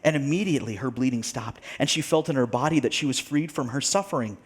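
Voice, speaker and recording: A male pastor preaching a sermon, telling a story with animated delivery, acting out the people he quotes and laughing now and then. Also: mid-range voice, fast talker, slightly rough.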